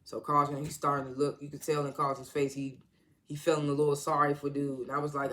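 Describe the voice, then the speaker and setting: Male reviewer, casual and rambling, slightly high voice, leans on fillers and restarts. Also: completely flat delivery, fast talker, sharp tone. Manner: rambling, heavy use of "like", restarts; slangy, informal grammar. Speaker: TV episode reviewer. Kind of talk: casual episode recap.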